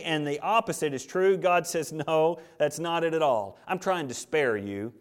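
A man's voice: fairly high pitch, normal speed, hardly any pauses. A man preaching a sermon, reading scripture aloud and building to emphatic, rising peaks. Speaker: pastor.

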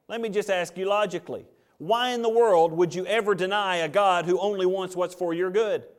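Male preacher, high-pitched voice, sermon delivery, emphatic rises, scripture reading. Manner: preaching, rising to emphatic peaks; reads scripture aloud. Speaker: pastor.

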